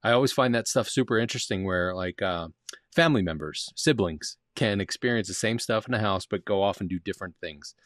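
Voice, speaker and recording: A man's voice: lowish voice, brisk, fairly bright tone, no room sound, studio quality. A man hosting a podcast, asking his guest questions in a thoughtful, conversational way. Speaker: podcast host. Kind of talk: casual interview chat.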